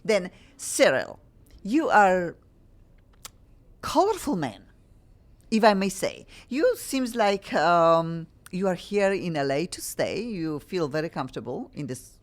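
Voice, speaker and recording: A woman's voice: fairly low pitch, very animated, slow pace. A woman with a Polish accent hosting a talk radio show, chatting effusively with her guests in a studio. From Poland. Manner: effusive, warm welcomes to guests.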